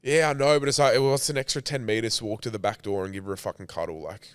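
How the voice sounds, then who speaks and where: A man's voice: lowish voice, fairly even intonation, fast, smooth, dry recording. A man, a podcast co-host telling an emotional story in casual chat, rambling and swearing freely.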